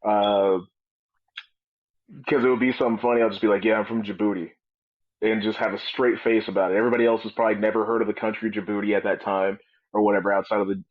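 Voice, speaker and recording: A man with a fairly low voice chats casually as an interview guest, spinning jokes and animated stories. The sound is dry and close, with a dull, slightly muffled quality. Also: quick pace, no echo. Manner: joking, animated storytelling with comic voices. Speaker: wrestler guest.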